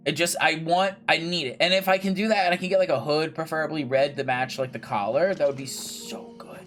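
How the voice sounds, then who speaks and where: A man's voice: a little high, fairly even intonation, fast talker, fairly bright tone, soft background music. A young man casually commentating his gameplay, chatty and jokey, swearing freely and talking to himself and the game characters. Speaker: gaming video creator.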